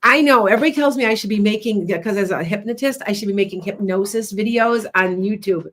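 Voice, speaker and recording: A woman hosting a livestream as a psychic and hypnotist, chatting loudly and rambling with many restarts. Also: mid-range voice, fast talker.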